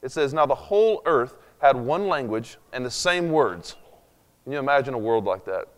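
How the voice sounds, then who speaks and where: A man's voice: mid-range voice, expressive, normal speed. A man preaching a sermon in a conversational way, with sarcastic asides and frequent fillers, before a room of listeners. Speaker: pastor. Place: church hall with long reverb. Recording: echoey hall recording.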